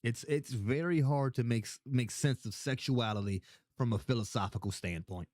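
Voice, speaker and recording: A man's voice: medium pitch, normal speed, a little mellow, dry recording. A tipsy young man hosting a casual livestream, rambling, swearing a lot and repeating himself as he answers chat questions.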